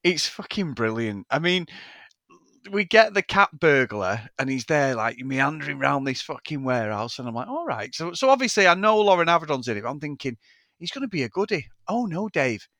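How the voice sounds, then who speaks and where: A man's voice: fairly high pitch, lively intonation, fairly quick, sharp tone, dry recording. A man co-hosting a film podcast, chatting casually and animatedly with lots of swearing and laughter. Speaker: podcast co-host. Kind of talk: casual film review chat.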